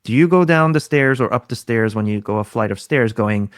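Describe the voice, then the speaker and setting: A man's voice: medium pitch, sing-song, fairly quick, few pauses, no echo, clean studio sound. A man, a guest expert on a podcast, explaining ideas in a teaching tone and often throwing out rhetorical questions. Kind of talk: explaining in an interview.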